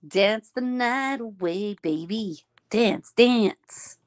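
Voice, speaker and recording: A woman's voice: fairly high pitch, expressive. Gushing woman greeting her live viewers. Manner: drawn-out, easygoing talk. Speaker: live-stream host. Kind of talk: casual live-stream chat.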